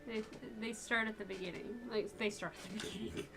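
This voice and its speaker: A woman's voice: medium pitch, steady tone, brisk, vocal fry, loud music behind the voice. A woman playing in a tabletop game, chatting casually in a blunt, foul-mouthed way. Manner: blunt, swears freely, storytelling. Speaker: player.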